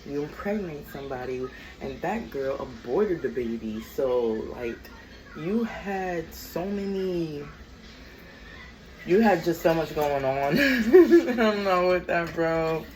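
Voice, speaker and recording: A woman telling a storytime rant in a casual vlog, blunt and sassy. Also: low voice. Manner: blunt, sassy, drawn-out and expressive. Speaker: vlogger. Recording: noticeable background noise.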